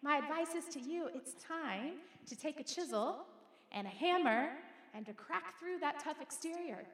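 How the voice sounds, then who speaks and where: High-voiced woman pastor preaching in a hall. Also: normal speed. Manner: lively preacher, calls the congregation to repeat lines. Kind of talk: sermon. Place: church sanctuary. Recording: echoey hall.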